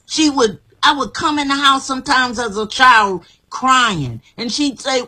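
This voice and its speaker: A woman's voice: on the high side, expressive, a little slow, pushed and bright, rough recording. A woman guest telling her life story in an emphatic, repetitive, motivational way. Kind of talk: inspirational personal story.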